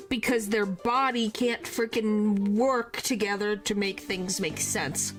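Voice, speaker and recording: A woman's voice: mid-range voice, slow pace, few pauses. A woman streamer chatting casually and rambling over her gameplay. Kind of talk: gameplay commentary. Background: game music.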